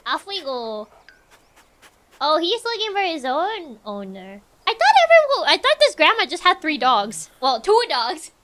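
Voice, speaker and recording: A woman's voice: high-pitched, huge pitch swings, unhurried, a bit bright, slight background noise. A woman streamer giving casual let's-play commentary, chatty and thinking aloud.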